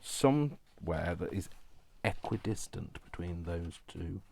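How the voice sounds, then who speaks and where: A man's voice: deep voice, expressive, takes it slowly, vocal fry, darkish tone, slight background noise. A man chatting casually while he crafts at home, rambling and self-deprecating and laughing often. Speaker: crafting YouTuber.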